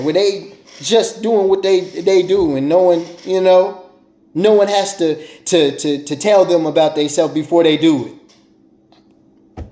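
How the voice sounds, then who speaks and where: Preachy high-voiced man in an echoey room. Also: dark tone. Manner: repetitive, preachy, stammering restarts. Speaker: vlogger. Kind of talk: casual monologue to viewers.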